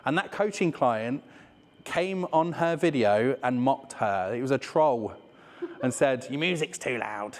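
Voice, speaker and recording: Speaking to a room full of people, a man from England with a Leicester English accent delivers a chatty, profane business talk peppered with "right?" asides. His mid-range voice is animated and a little slow, trailing a long reverb tail.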